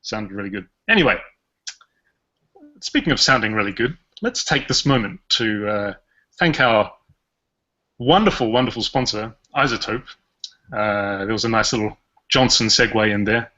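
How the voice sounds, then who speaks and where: Aussie guy hosting a podcast, rambly and joking, bright voice, kinda muffled audio. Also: lowish voice, moderate pace. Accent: Australian. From Australia. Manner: rambling, jokey, chuckles often. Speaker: podcast host. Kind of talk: casual chat.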